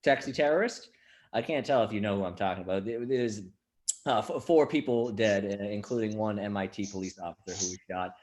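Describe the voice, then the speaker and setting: A man's voice: lowish voice, brisk, darkish tone. A man from Boston doing crude, sarcastic casual stand-up as a guest comedian over a video call. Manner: crude, sarcastic, drifts into put-on voices.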